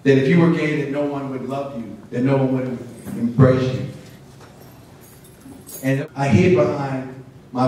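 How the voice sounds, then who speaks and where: A man's voice: medium pitch, darkish tone, slight background noise. A man giving an earnest personal story to an audience, acting out the dialogue as he goes. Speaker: speaker at a symposium. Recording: echoey hall, voice from far off.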